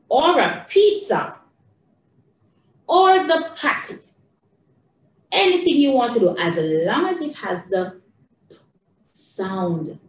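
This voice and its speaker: Speaking to young kids as their teacher, this woman is slow, singsong and encouraging, with a fairly high pitch that swings widely. The mic is some distance away, and the room echoes with a faint hum of background noise.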